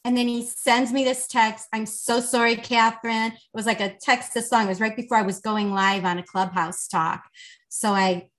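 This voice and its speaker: A woman guest, an intimacy coach, telling a lively story in a casual podcast chat, with lots of "like". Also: mid-range voice, moderate pace. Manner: animated, chatty, lots of "like".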